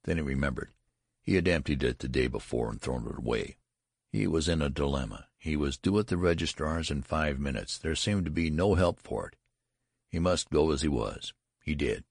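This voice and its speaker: A man reading a story aloud as a narrator, in a measured and even manner. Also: very deep voice, gravelly, breathy edge, no room sound, clean studio sound. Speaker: audiobook narrator. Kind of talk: scripted narration.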